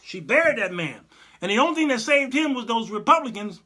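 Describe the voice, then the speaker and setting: A man's voice: very high-pitched, expressive, fairly quick, sharp tone. A middle-aged man hosting an online talk show, chatting casually, laughing often and mimicking people as he comments. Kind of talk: casual commentary show reading live chat.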